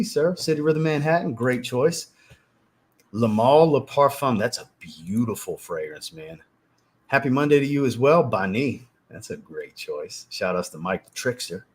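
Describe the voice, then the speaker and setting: Animated, profane male livestream host. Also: lowish voice. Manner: animated, profane storytelling, reads chat aloud. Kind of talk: casual livestream chat.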